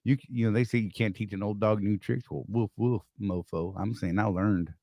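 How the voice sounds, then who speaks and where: A man's voice: on the low side, a little fast, darkish tone, dry recording, clean studio sound. An older man co-hosting a casual live stream, joking, teasing and greeting viewers by name.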